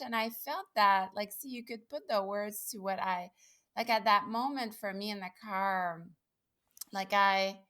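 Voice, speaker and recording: A woman hosting a podcast conversation, speaking in an emotional, halting way. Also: mid-range voice, bright, forceful tone. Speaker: podcast host. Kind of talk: conversational interview.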